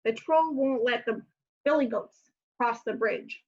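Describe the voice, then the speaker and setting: Slow, clear-spoken woman teacher. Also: a little high, dull audio. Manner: clear, slow modeling of each word. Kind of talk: recorded home lesson.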